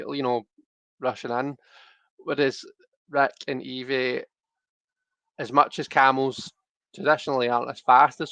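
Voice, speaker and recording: A man's voice: mid-range voice, a bit bright, dry recording. A man hosting a casual tarot livestream, rambling and chatty with lots of restarts and fillers, talking straight to his viewers. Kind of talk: casual chat to live viewers.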